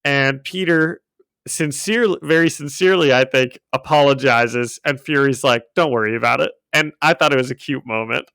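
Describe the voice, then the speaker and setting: A man's voice: medium pitch, moderate pace, fairly bright tone, clean tone, no room sound. A man co-hosting a podcast, recapping a comic in casual chat, laughing often and rambling with fillers, on a home microphone. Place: home room.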